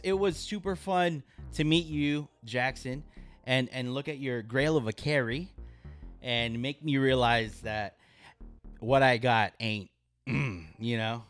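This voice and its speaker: A man hosting a casual live stream, chatting with viewers and reacting with loud exclamations. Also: medium pitch. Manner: animated, exclaims and laughs at viewers' comments. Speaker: live stream host reviewing knives.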